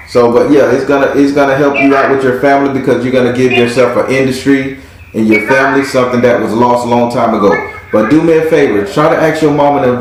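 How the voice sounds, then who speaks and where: A man's voice: mid-range voice, a little hiss or hum. Male tarot reader, brash and profane, mid-range voice, very echoey recording. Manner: blunt, profane and hyped up. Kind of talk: live tarot reading. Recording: very echoey room.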